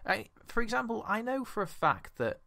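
A man's voice: high voice, very animated, normal speed, vocal fry, sharp tone, no echo, studio quality. A man with an English accent, chatting in a casual, rambling voice-over commentary over gameplay, often repeating words. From England. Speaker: gaming commentator.

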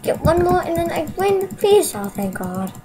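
High, excitable woman gaming commentator. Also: normal speed, noisy background. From Canada. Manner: excitable, yelps and laughs, dramatic self-mockery. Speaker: gaming channel host.

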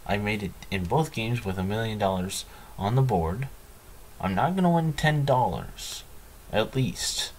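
A man's voice: lowish voice, lively intonation, a little slow, a little hiss or hum. A man hosting a let's play, commenting in a dry, sarcastic, self-mocking way. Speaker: gaming channel host.

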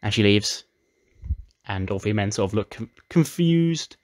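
A man narrates a wrestling game story in a casual, chatty way. His voice sits low, and he retells events with animated energy. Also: a little slow. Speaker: let's play narrator.

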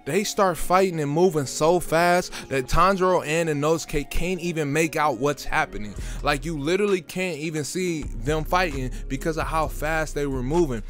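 An excited young man talking through a film recap with lots of street slang. His voice sits fairly high, he trips over his words when he gets worked up, and soft music plays behind him. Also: normal speed, hardly any pauses. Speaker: video creator reviewing a film.

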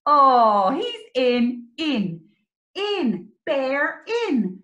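A woman teaching young children, animated and sing-song, with exclamations and little songs. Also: sits high, very slow. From Ireland. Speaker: early years teacher. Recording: roomy echo.

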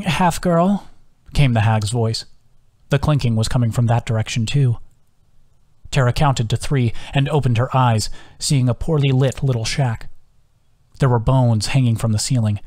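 Guy reading his own audiobook, even and calm, mid voice. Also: medium pitch. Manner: steady, measured reading. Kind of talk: audiobook narration.

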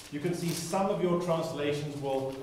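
A man's voice: on the high side, normal speed, darkish tone, a little hiss or hum. Echoey distant male Bible teacher. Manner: conversational, playful asides and mock voices. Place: chapel classroom. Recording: echoey room from a distant mic.

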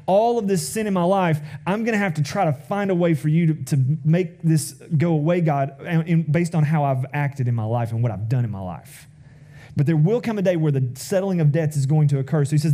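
Warm-voiced male pastor preaching a sermon. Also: a little high. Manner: storytelling, reads scripture aloud and acts out the characters' lines.

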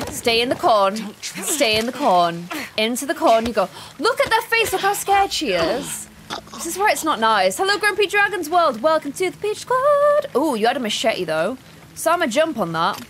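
A woman's voice: fairly high pitch, a bit bright, slight background noise. A woman streaming a game live, chatting casually, reading in-game notes aloud and greeting viewers in chat. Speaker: gaming streamer.

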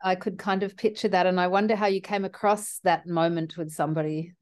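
A woman's voice: lowish voice, fairly even intonation, brisk, darkish tone, no echo, studio quality. An older woman hosting a casual group conversation, telling reflective stories and laughing often.

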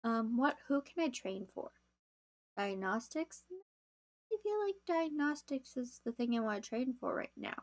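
A young woman chatting casually to viewers as she plays a game on a live stream, easily excited. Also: fairly high pitch, unhurried.

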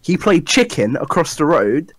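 A man's voice: a little high, sing-song, moderate pace, no room sound. A young man telling crude school stories to friends, laughing often. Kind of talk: casual storytelling with friends.

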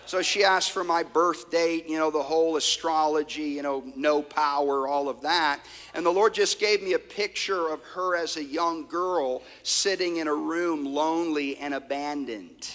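Bright-voiced man preaching in an echoing hall. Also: a little high, moderate pace, hardly any pauses. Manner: animated storytelling preacher, swings from loud to hushed. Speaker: pastor. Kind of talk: sermon. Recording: long hall reverb.

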